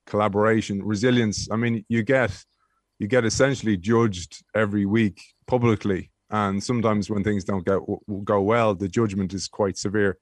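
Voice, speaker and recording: Male guest, 30s, low-pitched anecdotal storyteller, dry close mic. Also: moderate pace, dry recording. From Ireland. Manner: animated storyteller with frequent restarts. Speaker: guest, former rugby player.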